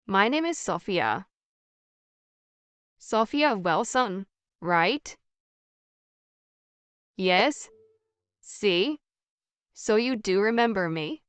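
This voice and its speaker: Woman, scripted conversation reader, very unhurried pace, dry close sound. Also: medium pitch, expressive, fairly bright tone, clean tone, no echo. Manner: slow, evenly paced, carefully articulated. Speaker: English practice dialogue voice.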